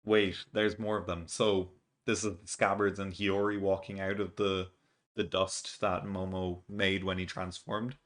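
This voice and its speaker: A man's voice: low voice, little pitch movement, a little slow. A man hosting a reaction video, casually recapping a comic chapter and thinking aloud, reading the dialogue out plainly. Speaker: manga reaction video host.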